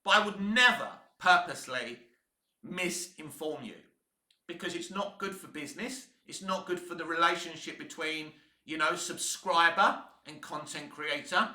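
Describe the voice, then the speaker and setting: A man's voice: on the high side, normal speed, sharp tone, reverberant. A man with a Cockney accent giving blunt, heated commentary on films, swearing freely as he rants. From England. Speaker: YouTube film commentator. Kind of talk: opinionated commentary rant.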